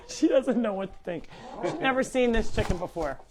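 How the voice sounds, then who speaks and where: With a crowd audible in the background, a middle-aged woman chats on a casual live stream from her home animal sanctuary. Her fairly high voice is animated and moves at a normal speed, and she talks to her animals in a sing-song baby voice.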